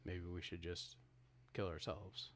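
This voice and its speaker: A man with a very low voice co-hosts a podcast. He retells a film's ending in casual talk, restarting his sentences and acting out the characters' lines. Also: fairly even intonation, a little slow, a bit bright. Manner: retells scenes with acted-out quotes, frequent restarts. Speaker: podcast co-host. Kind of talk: casual film discussion.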